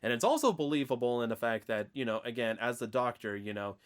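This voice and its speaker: A man's voice: mid-range voice, lively intonation, fast. A man with an Oklahoman accent co-hosting a casual podcast, rambling with lots of fillers and restarts. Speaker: podcast co-host. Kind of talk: casual chat.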